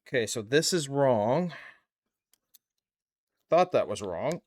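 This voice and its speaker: A man's voice: mid-range voice, very animated, takes it slowly, a little mellow. A man live-streaming a model-kit build, chatting with viewers and muttering to himself as he works. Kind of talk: casual live-stream chat.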